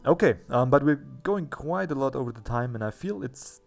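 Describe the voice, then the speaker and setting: A man's voice: medium pitch, animated, moderate pace, gravelly, darkish tone, soft background music. A man hosting a let's play, chatting casually and thinking aloud as he plays, with a self-mocking manner. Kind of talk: casual gameplay commentary.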